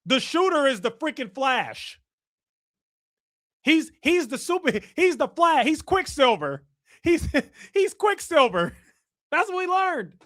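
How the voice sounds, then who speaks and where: A man's voice: extremely high pitch, big pitch swings, slow, a bit bright. A man hosting a live stream, ranting in exasperated casual reaction commentary and swearing freely.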